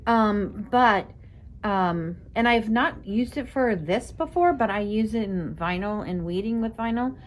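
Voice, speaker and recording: A woman's voice: medium pitch, unhurried, a little hiss or hum. A woman explaining a sewing tool in casual chat, hesitant, with fillers. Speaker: sewing tutorial co-host.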